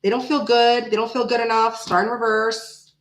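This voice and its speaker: A woman's voice: a little high, level tone, moderate pace, slight background noise. Echoey woman doing a tarot reading. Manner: repeats phrases, muses aloud while pulling cards. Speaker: tarot reader. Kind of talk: casual tarot card reading.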